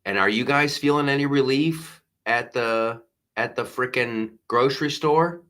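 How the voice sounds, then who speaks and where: A man's voice: medium pitch, a little slow, a bit bright. A man hosting a live comedy news show, ranting with exasperated sarcasm and frequent restarts.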